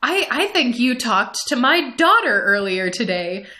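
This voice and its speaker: A woman voicing a playful, mischievous middle-aged mother who speaks in a high, gleeful, teasing way. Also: big pitch swings, unhurried, sharp tone, exaggerated voice.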